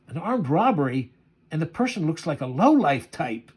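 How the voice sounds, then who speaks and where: A man casually commenting on a comic book. He talks haltingly with many fillers and often chuckles. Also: fairly high pitch, very animated, breathy edge. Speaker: comic reviewer.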